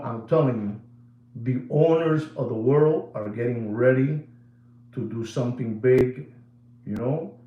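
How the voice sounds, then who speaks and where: Male host, casual rant, repeats himself a lot, mixes in Spanish, middle pitch, roomy echo. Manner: animated, repetitive, switches into Spanish phrases. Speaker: watch channel host.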